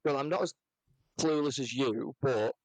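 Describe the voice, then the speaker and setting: A young man co-hosting a casual football chat, relaxed and contrary in a matter-of-fact way. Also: mid-range voice, moderate pace, no room sound, poor audio. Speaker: podcast co-host. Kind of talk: casual banter.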